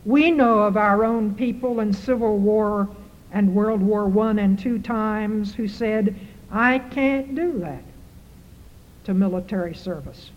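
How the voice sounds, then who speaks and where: A woman's voice: mid-range voice, slow pace, slight background noise. A woman preaching a sermon, driving her points home with repeated rhetorical questions. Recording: muffled hall recording with reverb.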